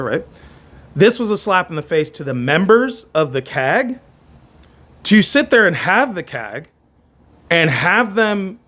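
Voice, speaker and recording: A man with a high-pitched voice rants on his own commentary channel. He talks with heated conviction, stumbling over restarts and hammering the same phrases again and again. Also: a bit bright. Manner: impassioned, repetitive, stammering restarts. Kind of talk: opinionated commentary rant.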